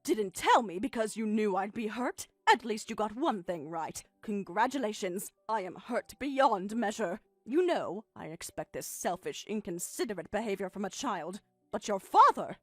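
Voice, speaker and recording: A woman's voice: medium pitch, animated, normal speed, a bit bright, dry recording, soft background music. A synthetic female text-to-speech voice reading a hurt, sarcastic middle-aged mother in a text-message story. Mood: bitter.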